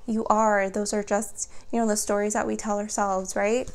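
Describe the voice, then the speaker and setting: A woman's voice: mid-range voice, level tone, moderate pace. A woman giving a spiritual tarot reading, talking earnestly and encouragingly straight to her viewers, with many fillers. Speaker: tarot reader.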